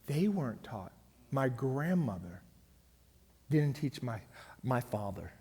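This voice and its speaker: A man's voice: mid-range voice, big pitch swings, slow pace, mellow, breathy edge. A middle-aged man giving a church finance seminar in an emphatic way, often checking in with his audience. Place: church hall. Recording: long reverb of a church hall.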